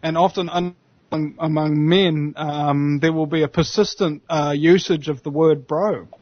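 A man with a New Zealand accent, a panelist on an online show who keeps an eye on the chat, talking in a chatty, rambling, animated way. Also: fairly high pitch, normal speed, no echo. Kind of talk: casual online panel talk. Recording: muffled, dry online audio.

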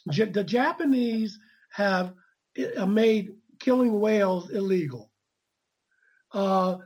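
A woman's voice: mid-range voice, mellow, husky, poor audio. A woman author as an interview guest, speaking earnestly with many repeated restarts. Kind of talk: conversational interview.

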